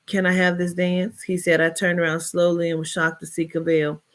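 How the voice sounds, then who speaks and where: This woman's voice sits lowish and moves at a normal speed. She starts by reading a short story out loud, then tells one of her own in a chatty, expressive style full of colloquial asides.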